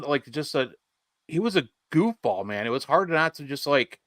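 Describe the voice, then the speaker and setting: An easygoing man talking casually as a podcast co-host. His voice has an ordinary middle pitch. The sound is dry and close, with no room echo. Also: lively intonation, moderate pace, fairly bright tone. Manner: easygoing, laughs along and backs others up with short replies. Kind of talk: casual chat.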